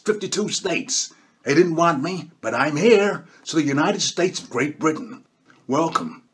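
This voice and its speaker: A man's voice: a little high, animated, measured pace, breathy edge, heavily acted. A man doing a comic impression of a boastful, bossy male world leader who keeps tacking "okay?" onto his lines. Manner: bragging, bossy, repeats "okay?".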